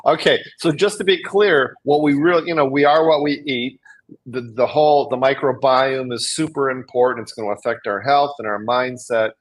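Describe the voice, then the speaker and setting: A man's voice: mid-range voice, fairly even intonation, moderate pace. A man hosting a podcast interview, encouraging and responsive to his guest. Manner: encouraging, frequent backchannels. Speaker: host.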